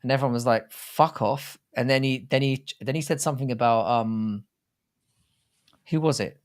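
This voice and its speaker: A man's voice: mid-range voice, fairly quick. An English man co-hosting a casual live stream, talking in a rambling, chatty way and often restarting his sentences. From England. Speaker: co-host.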